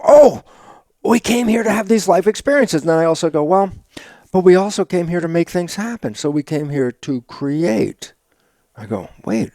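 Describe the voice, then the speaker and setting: An older man with a gravelly, slightly high voice tells stories in an interview, acting out quoted conversations with himself as he goes. The sound is dry and close. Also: warm tone, dry recording. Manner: acts out his own inner dialogue in quoted exchanges, laughing often. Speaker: guest, stem cell biologist. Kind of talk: animated storytelling interview talk.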